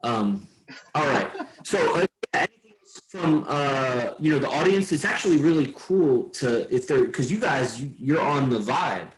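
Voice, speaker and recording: A man's voice: mid-range voice, lively intonation, moderate pace, a little hiss or hum. A man hosting a podcast, talking loosely and meandering, swearing now and then. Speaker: podcast host. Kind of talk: casual rambling chat. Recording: roomy echo.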